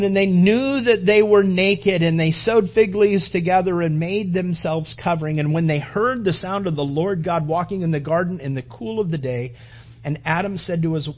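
A high-voiced man preaches a sermon, his pitch swinging widely as he acts out the voices in the passage. At times he drops to a hushed, almost whispered tone. The recording sounds dull and lo-fi. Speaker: pastor.

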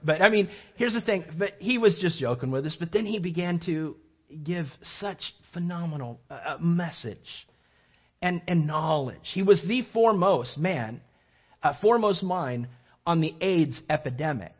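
A man preaching a sermon as a lively, rambling storyteller, full of restarts and asides. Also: a little high, breathy edge, lo-fi sound.

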